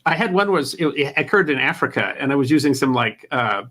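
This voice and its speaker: A man's voice: medium pitch, lively intonation, fairly quick, a bit bright. A man talking as a guest in an interview about running a history channel, rambling and restarting his phrases, often laughing. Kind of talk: casual interview talk.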